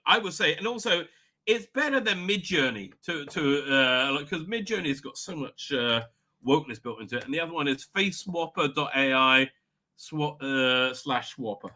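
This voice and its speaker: Middle-aged man hosting a livestream, rambling and chatty, with a fairly high and very bright voice. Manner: rambling, chatty, many fillers and restarts. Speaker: livestream host. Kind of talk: casual livestream chat. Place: home office.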